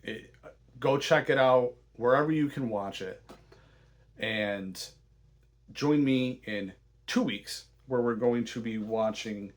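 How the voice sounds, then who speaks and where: Eager, stumbling man recapping a film. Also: mid-range voice. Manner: enthusiastic, halting with frequent restarts. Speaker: podcast host. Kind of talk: casual movie recap.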